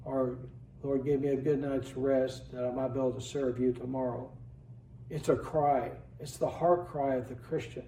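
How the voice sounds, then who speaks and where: A man's voice: medium pitch, level tone, moderate pace, mellow, a little hiss or hum. A man pastor preaching a sermon in a church, earnestly reading scripture aloud with rising emphasis. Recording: echoey room, voice from a distance.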